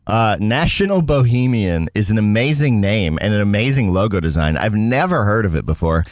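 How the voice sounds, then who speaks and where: A man co-hosting a loose, joking livestream chat, reading viewer comments aloud between laughs. His mid-pitched voice moves up and down a lot. The sound is dry and close. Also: lively intonation, normal speed, no room sound. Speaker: co-host.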